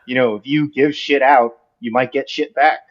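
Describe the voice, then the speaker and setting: A man's voice: medium pitch, fairly even intonation, moderate pace, dull audio. A man co-hosting a podcast, talking candidly and reflectively in casual chat. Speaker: podcast co-host.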